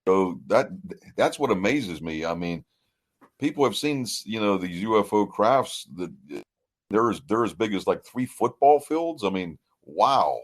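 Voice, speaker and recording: Deep-voiced man, lively and reactive. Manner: enthusiastic, quick to react with short remarks. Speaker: podcast co-host. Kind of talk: casual chat.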